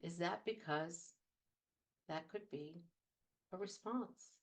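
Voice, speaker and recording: Earnest woman coach, lowish voice. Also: slow. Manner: earnest, conversational, repeats phrases for emphasis. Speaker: talk show host and trauma coach. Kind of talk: casual advice talk.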